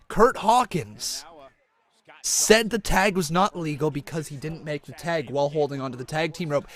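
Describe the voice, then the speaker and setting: A man on a live stream calling wrestling matches with a fairly high voice, shouting excitedly when the action heats up. Between moves he drops into a relaxed chat with his viewers. His microphone is a cheap one. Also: normal speed. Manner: yells and cheers during big moves, chats calmly between them.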